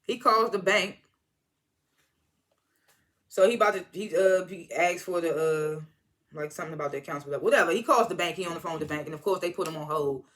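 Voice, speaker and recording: A TV episode reviewer giving a casual, animated recap, often correcting themselves and breaking into excited exclamations. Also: mid-range voice, fairly quick, pauses often. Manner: animated, rambling, self-correcting.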